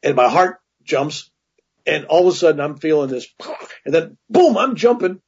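A man's voice: a little high, big pitch swings, moderate pace, husky. A man casually telling a personal story as an interview guest, rambling, with many restarts and asides. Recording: dull lo-fi recording.

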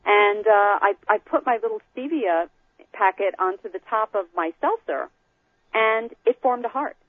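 A woman guest telling an animated personal story, acting out quoted lines, over a call. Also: medium pitch, moderate pace, no room sound. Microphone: phone call. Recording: tinny phone line.

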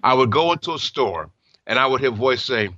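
Lively, bright-voiced radio host. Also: male voice, medium pitch, brisk, a little hiss or hum. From New York. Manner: earnest, heartfelt testimony with stammered restarts. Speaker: radio talk show host. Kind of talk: Christian call-in radio talk. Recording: muffled broadcast audio.

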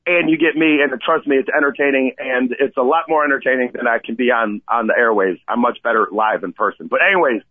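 Man, radio co-host, animated storyteller, phone-line audio, dry. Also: fairly high pitch, dry recording. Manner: excitable, repeats "okay?" and addresses Coach. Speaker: radio co-host and kayak tour operator.

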